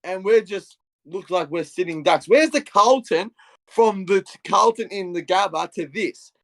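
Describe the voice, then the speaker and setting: A young Australian man holds forth on a casual sports podcast, his voice sitting fairly high for a man. He tells his story in an animated rant, dropping low and quiet and then bursting out loudly. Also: unhurried, gravelly. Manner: animated storytelling, swings between muttering and loud outbursts. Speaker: podcast co-host.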